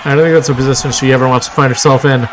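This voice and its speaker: A man doing live play-by-play commentary on a wrestling show, excitable, with frequent exclamations and wry asides. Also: medium pitch, rapid-fire. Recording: clear crowd noise and background noise.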